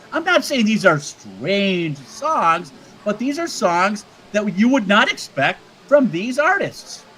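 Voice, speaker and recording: A man's voice: sits high, a bit bright, slight background noise, rough recording. A man co-hosting a casual livestream chat, rambling and joking with many stammered restarts. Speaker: co-host.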